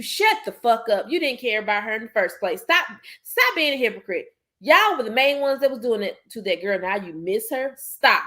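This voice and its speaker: A woman's voice: a little high, very animated, normal speed, pushed and bright. Emphatic, blunt woman hosting a podcast. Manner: emphatic, blunt, swears freely. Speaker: podcast host. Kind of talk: casual chat.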